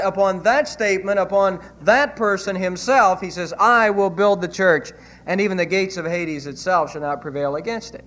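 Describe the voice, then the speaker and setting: A man with a notably high voice delivers a sermon from the pulpit. He retells scripture earnestly and leans hard on key phrases. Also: normal speed, fairly bright tone. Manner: earnest preaching, retelling scripture with emphatic quotes. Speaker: pastor.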